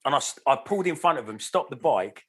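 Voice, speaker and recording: A man's voice: mid-range voice, animated, quick pace, a bit bright, husky. A man telling stories in a casual podcast chat, full of fillers, restarts and swearing. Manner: rambling storyteller with lots of fillers and swearing. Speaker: podcast co-host.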